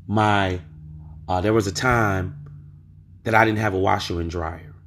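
A man's voice: low-pitched, fairly even intonation, a little slow, a bit bright, a little hiss or hum. A man hosting a podcast, telling a story in a casual monologue and pressing his point with rhetorical questions. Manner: emphatic, asks rhetorical questions. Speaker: podcast host.

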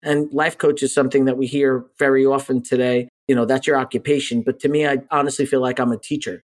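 A man in his forties, a life coach appearing as a podcast guest, telling a personal story earnestly and candidly, animated when he retells conversations. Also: mid-range voice, fast.

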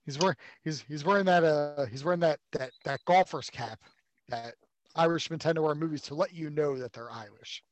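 A man's voice: on the high side, a little fast, dry recording. A man co-hosting a casual movie podcast, rambling and sarcastic, swearing freely. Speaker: podcast co-host.

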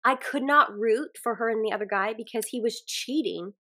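A woman with a Southern US accent talks as a podcast co-host in casual chat. Her voice is bright and somewhat high, and she muses earnestly and trails off with fillers. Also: moderate pace.

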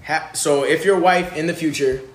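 A man co-hosting a casual podcast, playful and animated as he tells stories. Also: a little high, moderate pace, echoey room. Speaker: podcast co-host.

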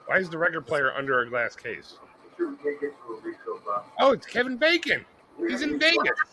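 A man co-hosting a podcast, reacting to a film with animated, wisecracking remarks. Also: sits high, moderate pace, background noise. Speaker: podcast co-host. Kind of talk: casual movie watch-along chat.

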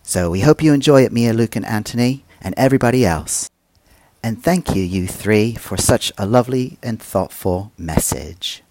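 A man presenting a school radio show, reading out shout-outs and birthday wishes in a gentle, polite, self-deprecating way. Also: on the low side, animated, normal speed.

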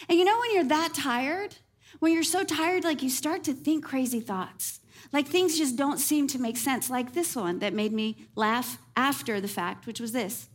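A woman pastor giving a sermon as a personal story, lively and animated, with self-deprecating humor. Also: high-pitched, moderate pace.

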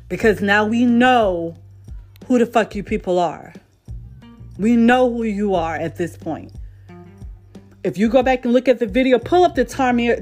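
A woman's voice: mid-range voice, darkish tone. A woman vlogger delivering a heated, profane monologue rant, repeating herself for emphasis.

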